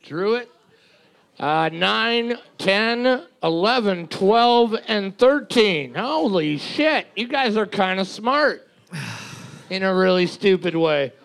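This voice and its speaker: Slow gravelly co-host man. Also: sits high, lively intonation, a bit bright. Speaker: quiz co-host scoring answers. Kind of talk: casual banter while marking answers.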